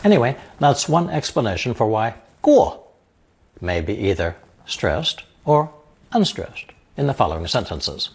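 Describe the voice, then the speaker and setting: A man teaching a recorded language lesson, explaining example phrases slowly and carefully. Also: fairly low pitch, sing-song, vocal fry, a little mellow, husky. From lives in Taiwan.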